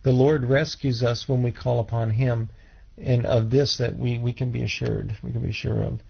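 A man teaching scripture in a measured way, restarting phrases and putting questions to his listeners. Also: mid-range voice, little pitch movement, vocal fry, breathy edge. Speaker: Bible teacher. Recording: dull lo-fi recording.

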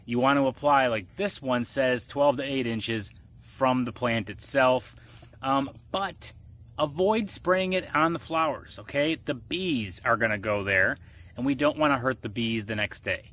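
A man chatting his way through a gardening demonstration outdoors. He explains each step in a relaxed, conversational way, often checking in with the listener. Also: medium pitch, measured pace. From Florida. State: muffled by a face mask. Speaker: gardening vlogger. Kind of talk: casual how-to vlog.

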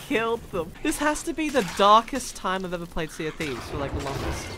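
A man hosting a casual gameplay video, excitable, laughing often and swinging between mumbles and shouts. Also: sits high, fairly quick, noisy background. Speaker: gaming video host.

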